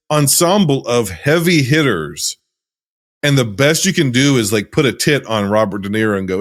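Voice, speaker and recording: An animated man co-hosting a movie review podcast. His voice rises and falls widely as he acts out scenes and breaks into laughter. The talk is loose and casual. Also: mid-range voice, moderate pace. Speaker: podcast co-host.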